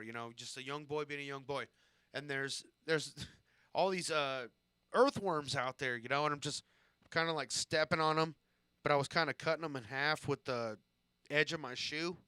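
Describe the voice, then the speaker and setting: A man in his thirties from Southern California rambles through crude childhood stories on a live stream, swearing freely and poking fun at himself. His voice sits a little high and rings clear and smooth. The sound is dry and close. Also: bright, forceful tone, no echo. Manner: rambling, profane, self-deprecating storytelling. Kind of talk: casual storytelling on a live stream.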